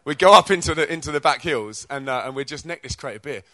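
A British man preaching to young people, telling stories from his own life in a chatty, energetic way. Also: fairly high pitch, quick pace, no room sound, studio quality. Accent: British English. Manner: energetic, chatty storyteller who acts out quotes. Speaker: speaker at a youth church event. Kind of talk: testimony-style preaching with stories.

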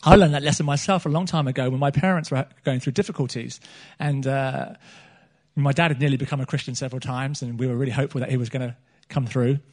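In a medium-pitched, steady, slightly mellow voice, a middle-aged man delivers a church sermon at a quick pace. He speaks earnestly, says things more than once, and keeps starting phrases over.

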